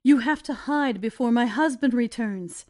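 A woman's voice: on the high side, normal speed, darkish tone, dry recording, clean studio sound, pitched below the performer's own voice, natural voice. A woman voicing a kind old woman, a giant's wife, in a storybook reading, with a kindly, fussing manner. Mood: urgent.

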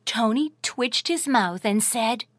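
A woman narrates a children's audio story in a sing-song, expressive manner. Her voice sits high and moves in lively, wide swings of pitch, and she paces her words slowly and deliberately, recorded dry and close. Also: no room sound.

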